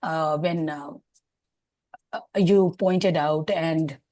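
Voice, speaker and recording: A woman's voice: low voice, fairly even intonation, drawn-out words, warm tone, no echo. A woman leadership coach sharing her view in an online group discussion, earnest and hesitant with many fillers.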